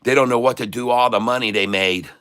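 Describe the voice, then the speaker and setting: A man's voice: medium pitch, quick pace, bright, forceful tone, clear, resonant tone, lightly acted. A man putting on a boastful broken-English stock guru. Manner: clipped broken grammar, boastful. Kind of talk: comic put-on voice on a livestream.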